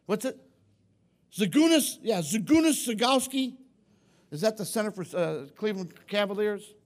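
A man's voice: high voice, animated, moderate pace. A man preaching a sermon in church, emphatic and repetitive, often questioning the congregation. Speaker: pastor.

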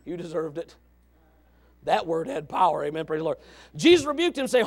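A man preaching a sermon, moving from quiet asides to shouted exclamations and reading scripture aloud. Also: fairly high pitch, sing-song, brisk, creaky, long pauses. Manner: reads scripture in old-fashioned wording. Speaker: pastor. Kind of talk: fiery sermon.

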